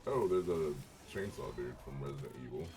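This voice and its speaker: A man's voice: rumbling low, lively intonation, fairly quick, distant mic, background noise. A man chatting casually with a friend while playing a video game, laid-back and joking. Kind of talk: casual gaming chat.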